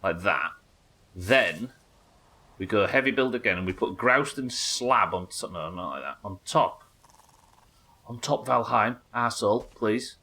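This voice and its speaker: A man's voice: lowish voice, animated, measured pace, bright, forceful tone. A British man giving casual, chatty, sweary commentary while he plays and builds in a game. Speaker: game streamer. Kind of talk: casual let's-play commentary.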